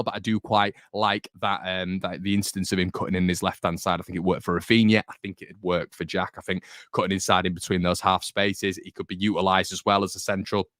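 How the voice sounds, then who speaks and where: A man's voice: low voice, a bit bright, no room sound, clean studio sound. A young man from the north of England, hosting a football fan channel in chatty, jokey, rambling talk to camera. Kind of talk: casual chat to camera.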